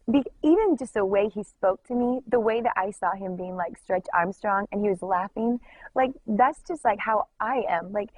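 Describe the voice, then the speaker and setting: A woman's voice: mid-range voice, darkish tone, no echo, rough recording. A young woman giving an emotional personal testimony, talking earnestly and filling her story with "like". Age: young adult. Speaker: worship leader giving a testimony.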